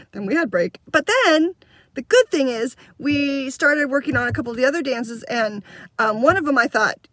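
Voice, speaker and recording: A woman's voice: on the high side, no room sound, clean studio sound. A woman in her fifties who directs children's theater, telling a story in a casual vlog and acting out the voices of the kids. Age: 50s. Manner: animated, acts out kids' voices in quotes.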